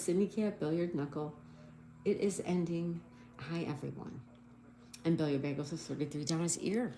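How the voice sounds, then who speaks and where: There's a little hiss or hum behind this woman's lowish, darkish voice. Hosting a casual livestream, she cheerfully spells out words one letter at a time and reads out what viewers comment.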